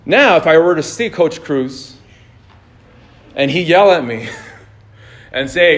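A man's voice: fairly high pitch, expressive, a little slow, long pauses. Casual preaching man in his thirties. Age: 30s. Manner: casual, anecdotal, laughs easily, many restarts. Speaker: pastor. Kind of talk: conversational sermon.

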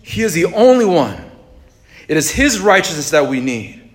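A man preaching a sermon in a relaxed, conversational way, with jokes and asides to the congregation. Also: fairly high pitch, moderate pace. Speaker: pastor. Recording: echoey room.

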